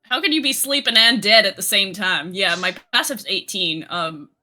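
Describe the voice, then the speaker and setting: Woman player, playful jokes, fake New York accent, piercingly bright voice. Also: medium pitch, normal speed. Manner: joking, slips into a put-on New York accent. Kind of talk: casual tabletop chat.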